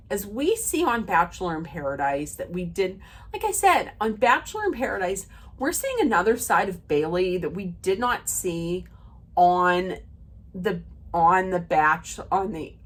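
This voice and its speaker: A woman recapping a reality dating show in a casual, rambling rant, with many fillers and restarts, quoting the cast as she goes. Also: medium pitch. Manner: retells scenes by quoting the cast.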